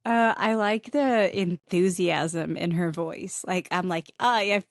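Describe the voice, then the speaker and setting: A woman's voice: fairly low pitch, takes it slowly, no room sound, studio quality. A woman who owns a bookstore, chatting in an upbeat way as a podcast guest and laughing often. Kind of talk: casual interview chat.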